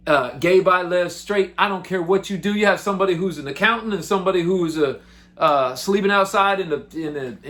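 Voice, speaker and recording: Excitable, chatty male musician. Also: fairly high pitch. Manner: excitable, animated, loose and chatty. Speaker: musician and show host. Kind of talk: casual storytelling to camera.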